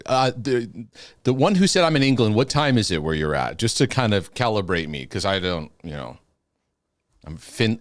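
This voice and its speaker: A man with a fairly low voice hosts a live Q&A in a loose, chatty way. He laughs easily, stumbles and restarts his phrases as he talks to viewers. The sound is dry and close, with almost no room around it. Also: dry recording. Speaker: host of a live Q&A. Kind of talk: casual live-stream chat.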